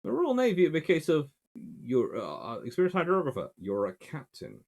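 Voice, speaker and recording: A man's voice: fairly high pitch, wildly swooping pitch, normal speed, vocal fry, few pauses, a little mellow. A man giving a casual, emphatic spoken history lecture in a conversational way.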